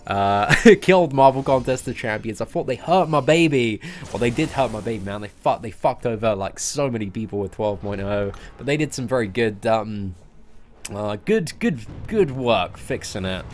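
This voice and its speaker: A man's voice: mid-range voice, expressive, moderate pace, slight background noise. A young British man hosting a game livestream, answering viewers in a casual, chatty way and peppering his talk with "man" and "you know". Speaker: livestream host.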